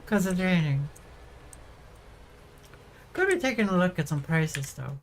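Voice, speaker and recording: A woman's voice: lowish voice, sing-song, measured pace, slight background noise. A woman streamer chatting casually while she plays a farming game, rambling and now and then bursting out in frustration. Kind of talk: casual livestream chat while gaming.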